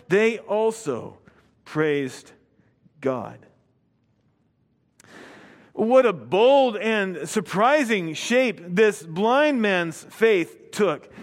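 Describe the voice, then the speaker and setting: High-voiced preacher guy reading scripture and explaining it, leans on key words, big echoey hall. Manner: emphatic, drawing out key words. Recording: long hall reverb.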